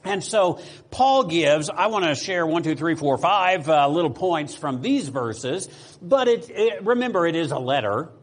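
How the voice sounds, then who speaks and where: A pastor from the United States delivers a sermon in an unhurried, higher-pitched voice with lively intonation. He addresses the congregation casually, with fillers, restarts and rhetorical questions.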